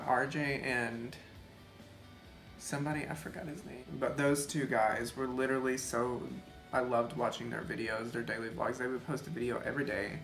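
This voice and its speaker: A man's voice: medium pitch, vocal fry, a bit bright. A young man talking casually to the camera while doing his makeup, rambling and chatty, with lots of "like" fillers. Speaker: beauty vlogger. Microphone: camera mic, seated in front of the camera. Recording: echoey room with faint music.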